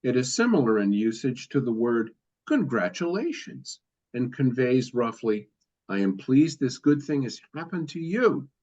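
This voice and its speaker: Man reading passages aloud, steady, the odd self-correction; muffled, lo-fi sound. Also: mid-range voice, measured pace. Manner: reads steadily, occasionally stumbles and corrects himself. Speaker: student reading a text aloud. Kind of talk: reading aloud in a study session. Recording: dull lo-fi audio.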